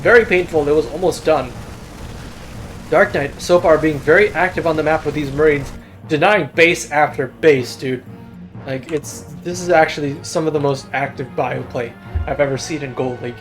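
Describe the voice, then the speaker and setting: A man's voice: on the high side, moderate pace, soft background music. A young man giving casual, self-deprecating solo commentary on a strategy game replay. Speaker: game caster.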